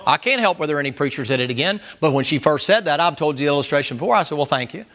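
High, bright-voiced preacher man. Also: expressive, racing. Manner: loud, emphatic, hollering at times. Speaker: pastor. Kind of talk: sermon.

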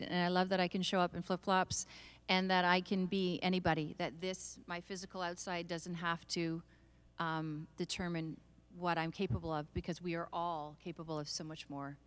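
A woman's voice: on the low side, a bit bright, clear, resonant tone. A middle-aged woman from Canada, a voice actor on a convention panel, talking in a chatty, self-deprecating way and laughing between points. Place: large convention hall.

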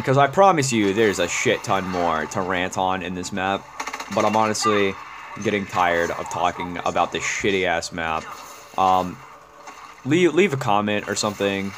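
Exasperated man ranting over gameplay. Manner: exasperated, profane ranting, swinging pitch up and down. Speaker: gaming YouTuber. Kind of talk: gameplay commentary rant.

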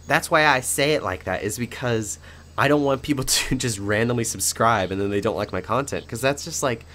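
A young man talking casually over his gameplay as a channel host, rambling with many fillers and little laughs, in a fairly monotone way. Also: medium pitch, normal speed. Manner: rambling, chatty, frequent fillers and small laughs; admits to a somewhat monotone delivery.

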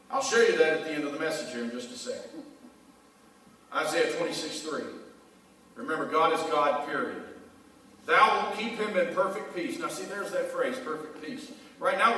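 A man's voice: a little high, fairly bright tone. A male pastor preaching a conversational sermon in a church and calling out questions to the congregation. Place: church sanctuary. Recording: echoey church hall from far off.

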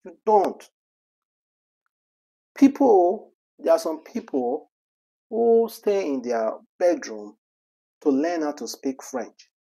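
A man giving animated, scolding celebrity gossip commentary full of rhetorical questions. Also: fairly high pitch, slow.

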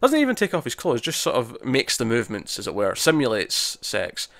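A man's voice: medium pitch, huge pitch swings, brisk, gravelly, fairly bright tone, no echo. Dry, rambling podcast man. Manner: rambling recap with many restarts and quoted asides. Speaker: podcast co-host. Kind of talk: casual review chat.

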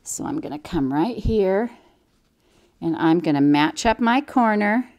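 A woman's voice: mid-range voice, lively intonation, measured pace, a little mellow. An older woman from the United States, a quilting instructor giving a chatty, cheerful step-by-step demonstration. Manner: chatty, cheerful, enthusiastic about the work. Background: sewing machine.

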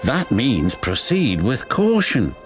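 A man voicing a calm, practical middle-aged engine driver in a storybook reading. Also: mid-range voice, slow. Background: music.

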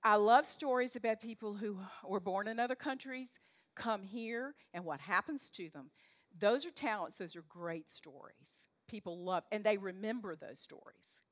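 A woman's voice: medium pitch, normal speed. An older woman from North Carolina with a Southern accent, a leadership coach giving a chatty, direct motivational talk to a live audience. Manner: chatty, direct, folksy with frequent fillers. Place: event room with a live audience.

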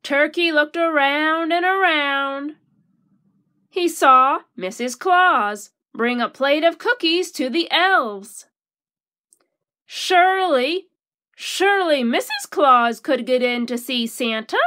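A woman reads a children's picture book aloud in a slow, deliberate way. Her voice sits high and sounds bright and clear. She stretches each phrase out so young listeners can follow. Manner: slow, expressive reading for children. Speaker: teacher reading a storybook. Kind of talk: storybook read-aloud.

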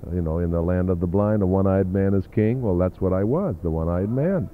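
A man's voice: deep voice, brisk, phone-quality sound, a little hiss or hum. An older man reminiscing in an interview, telling rambling anecdotes full of fillers and asides. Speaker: interview guest, drummer.

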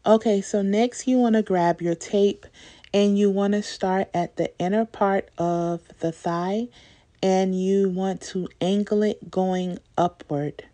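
A woman's voice: mid-range voice, fairly even intonation, slow, dark tone. A young woman recording a casual, chatty voice-over for a home DIY tutorial, talking informally with many fillers. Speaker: DIY video creator.

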